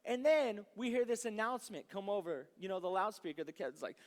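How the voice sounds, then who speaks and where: A man, a youth pastor, telling a story in a sermon, animated and rambling, with asides like "right?". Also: sits high, a little fast. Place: church youth service hall. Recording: long reverb of a large hall.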